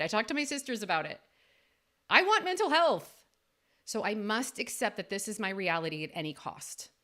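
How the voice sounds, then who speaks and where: A woman in her thirties hosts a faith-based coaching podcast. Her voice is bright and lively, and it jumps up for emphasis as she speaks earnestly to her listeners. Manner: earnest and emphatic, with sudden rises in pitch. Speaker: podcast host and life coach. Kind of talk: faith-based motivational talk.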